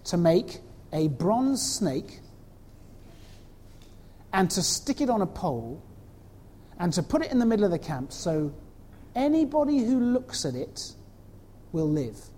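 A woman voicing Moses, a calm old male prophet, giving plain, instructive directions in her own voice. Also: high voice, measured pace, long pauses, in a large hall, slight background noise. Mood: solemn.

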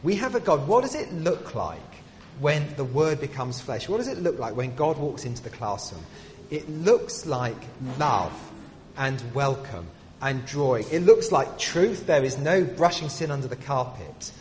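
A man preaching a sermon. He asks rhetorical questions and drops to a hush on key phrases. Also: medium pitch, expressive, a little slow, a little hiss or hum. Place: church. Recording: distant voice in a reverberant hall.

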